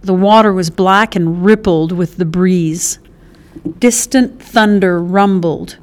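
Brief: slow, smooth-voiced woman reading a novel aloud. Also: on the low side, darkish tone. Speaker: audiobook narrator. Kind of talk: scripted narration.

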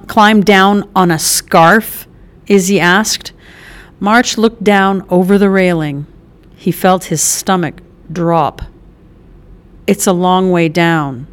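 A woman reading a novel aloud as an audiobook narrator, lightly voicing the characters, with small restarts. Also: on the low side.

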